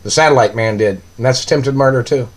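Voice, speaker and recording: A man's voice: medium pitch, fast talker. A man delivering an angry, accusing monologue, ranting and firing off repeated questions.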